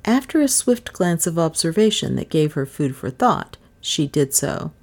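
A woman narrating a story in a steady audiobook reading. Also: low-pitched, moderate pace, few pauses.

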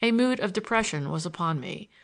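With a voice on the low side, a woman narrates a novel as an audiobook reader, delivering the scripted text in a measured, expressive way.

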